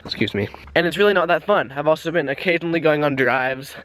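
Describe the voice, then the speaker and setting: A man's voice: on the high side, fast talker, fairly bright tone, no echo. A young man vlogging casually while walking a trail outdoors, out of breath and rambling off on tangents as he talks into a handheld camera. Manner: rambling, easily distracted. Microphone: handheld camera aimed at his face.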